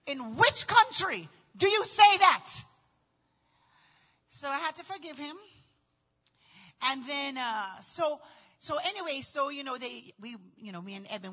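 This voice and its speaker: A woman in middle age telling a personal story in a dramatic, animated way, acting out voices and often shouting. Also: on the high side, muffled recording. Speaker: storyteller recounting childbirth.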